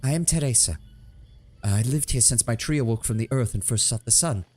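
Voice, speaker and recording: A man voicing a tearful, gentle woman dryad who pleads in a trembling voice. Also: medium pitch, a little fast, soft background music, lightly acted. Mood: pleading.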